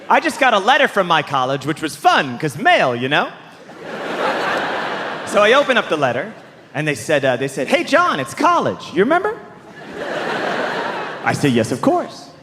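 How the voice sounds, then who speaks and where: A man doing an animated stand-up set in an exasperated tone, with sing-song voices for the people he quotes, recorded live in a large theater. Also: fairly high pitch, noisy background. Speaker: stand-up comedian. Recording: live show with hall reverb.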